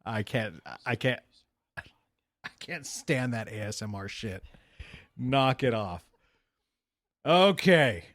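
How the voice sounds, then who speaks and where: A man's voice: medium pitch, lively intonation, takes it slowly, long pauses, fairly bright tone, no room sound. A man hosting a casual podcast chat, joking and laughing easily with his co-hosts. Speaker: podcast host.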